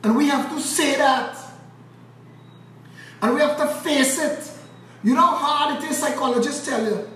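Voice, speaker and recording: A high-pitched Trinidadian man rages about politics, cursing and swinging from loud bursts to low, intense muttering. His voice is captured from a distance in a very echoey room with faint background noise. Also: unhurried, pauses often. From Trinidad and Tobago. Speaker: political commentator. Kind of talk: impassioned political rant.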